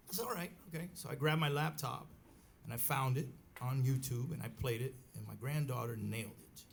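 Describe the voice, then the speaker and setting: A middle-aged bandleader telling a rambling story on stage at a live club, with many restarts and acted quotes. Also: male voice, medium pitch, fairly quick, creaky. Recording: live club recording with faint crowd noise.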